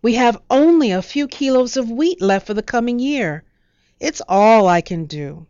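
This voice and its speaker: A woman playing a proud, worried farmer for a storybook, dry and smooth. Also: fairly high pitch, animated, unhurried, a little mellow, no room sound, lo-fi sound, pitched above the performer's own voice. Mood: insistent.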